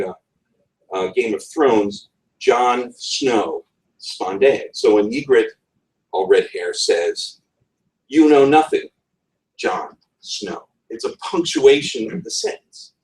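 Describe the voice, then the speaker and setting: A man giving a conference talk on writing, with wry asides and a chuckle in his voice. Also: fairly low pitch. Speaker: conference speaker. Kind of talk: presentation on writing. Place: conference room. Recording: roomy, from far off the mic.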